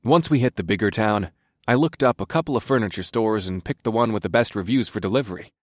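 Male narrator, relaxed storytelling, low voice, dry studio sound. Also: fast, no echo. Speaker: audiobook narrator. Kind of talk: scripted first-person narration.

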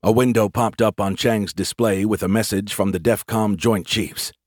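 A male narrator reading an audiobook in a measured, wry manner. His voice sits on the lower side, and the recording is close and dry, with no room around it. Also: fairly even intonation, dry recording. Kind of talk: scripted narration.

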